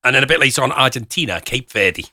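A man's voice: mid-range voice, animated, quick pace, bright, forceful tone, no echo, clean studio sound. A young man hosting a radio show, chatting and teasing his co-host in casual on-air banter. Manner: teasing, joking.

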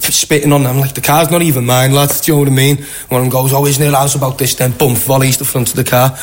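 A Liverpudlian man with a Scouse accent, telling animated anecdotes in a casual interview. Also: medium pitch, quick pace. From Liverpool, England. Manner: chatty, animated anecdotes with acted-out quotes. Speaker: guest. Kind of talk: casual storytelling.

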